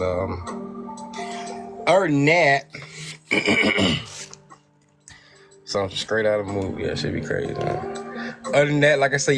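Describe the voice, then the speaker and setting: A man hosting a late-night livestream in casual chat, laid-back and slangy, sounding tired. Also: medium pitch. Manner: laid-back slangy, calls listeners beloved. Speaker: livestream host.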